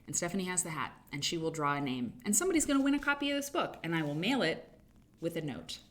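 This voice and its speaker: A woman's voice: on the low side, sing-song, fast talker. A woman from the American Midwest hosting a casual livestream from a home studio, chatty and rambling, laughing easily. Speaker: host. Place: home studio with green screen.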